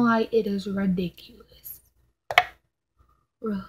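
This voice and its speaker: A young woman records an unboxing vlog at home, her camera sitting some way off. She talks at an unhurried pace in a middle-pitched voice, sounding exasperated, swearing freely and leaning on "like" again and again. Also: noisy background. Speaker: vlogger. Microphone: camera mic at a distance.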